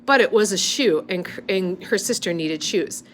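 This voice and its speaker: A woman's voice: medium pitch, expressive, moderate pace, slight background noise. A woman reading a novel aloud in an unpolished, amateur way, stopping now and then to correct her slips. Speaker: reader.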